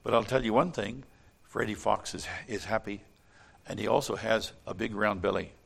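A man reading a children's story aloud in an animated way, then speaking earnestly about faith and leading a prayer. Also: lowish voice, moderate pace, gravelly, breathy edge. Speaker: storyteller and preacher.

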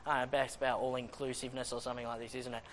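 A man preaching a Bible teaching sermon, reading scripture slowly and acting out the questions of his listeners in lively asides. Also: medium pitch, a little hiss or hum.

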